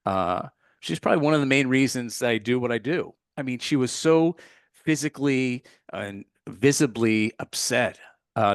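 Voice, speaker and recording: A man's voice: medium pitch, no room sound, studio quality. A man, a meditation teacher, answering as a podcast guest in an earnest, heartfelt way, with fillers and restarts. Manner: earnest, heartfelt, with filler words and self-corrections. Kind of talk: casual storytelling in an interview.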